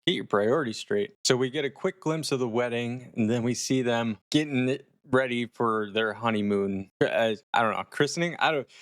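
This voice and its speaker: A man hosting a horror review, retelling scenes in a casual, animated, profane way. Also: medium pitch, moderate pace, hardly any pauses, dry recording, studio quality.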